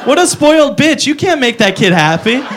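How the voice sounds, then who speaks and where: A man doing a stand-up comedy routine on a club stage, animated and slipping into silly voices. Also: very high voice, fairly quick. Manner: animated, jumps into silly voices for his bits. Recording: noisy live club recording with crowd.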